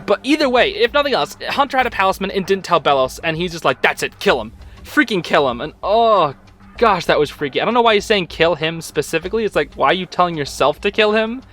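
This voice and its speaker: A young man hosting a casual episode recap, excitable and informal, with slang and lots of fillers. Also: high voice, fast, faint music behind. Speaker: host.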